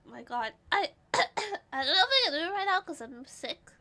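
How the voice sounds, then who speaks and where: A young woman streaming casually, congested and clearing her throat, playful and giggly with dramatic outbursts. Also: very high voice, expressive, unhurried, pushed and bright.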